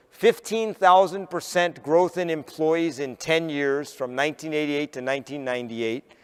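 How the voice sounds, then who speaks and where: Guy from up north doing a keynote on stage, storytelling, punchy questions to the crowd, smooth voice, big hall echo. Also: fairly high pitch. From northern United States. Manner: lively storyteller, punchy rhetorical questions to the audience. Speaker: motivational keynote speaker. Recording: long reverb of a large hall.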